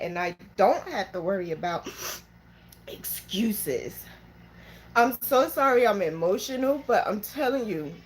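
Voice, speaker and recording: A woman's voice: medium pitch, a little hiss or hum. A woman with children, talking earnestly and emotionally in a motivational vlog about running her small business. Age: adult with children. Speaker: small business owner giving mentoring talk. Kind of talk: heartfelt motivational vlog talk.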